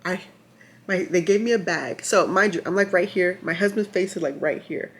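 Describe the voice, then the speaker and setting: A woman vlogger telling the story of her labor in a chatty, animated way, full of asides and restarts, sometimes checking her notes. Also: on the low side, normal speed. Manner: reads from notes at times. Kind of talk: casual storytelling to camera.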